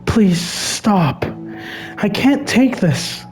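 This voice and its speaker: A man voicing a shy, anxious teenage girl from a game, speaking in a timid, halting way. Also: sits high, very animated, soft background music, pitched above the performer's own voice, exaggerated voice.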